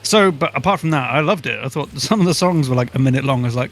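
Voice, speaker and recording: A man's voice: medium pitch, expressive, quick pace. A man co-hosting a casual album review podcast, joking crudely and laughing often.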